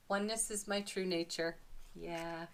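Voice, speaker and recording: A woman's voice: lowish voice, slight background noise. Enthusiastic woman giving a tarot reading. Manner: gentle, enthusiastic, with soft laughs. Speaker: tarot card reader. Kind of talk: spiritual tarot reading to camera.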